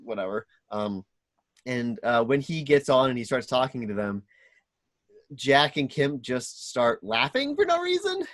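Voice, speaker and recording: A man's voice: mid-range voice, very animated, a bit bright, no room sound. Podcast co-host, male, rambling recap voice, dry close recording. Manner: rambling, acts out scenes in quick voices. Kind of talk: casual chat recapping a movie.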